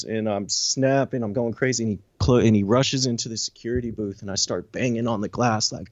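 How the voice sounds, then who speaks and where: A man in an interview recounting a personal story, animated and profane, with lots of "you know" and "I'm like". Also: medium pitch, a little fast, few pauses, no room sound, dull audio. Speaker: interview guest.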